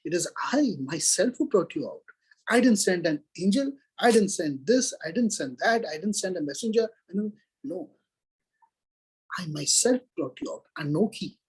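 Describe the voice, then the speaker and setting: A man's voice: sits high, very animated, normal speed, slightly rough, low-quality recording. A man giving an earnest Torah lecture, retelling scripture and acting out its dialogue. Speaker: Torah teacher.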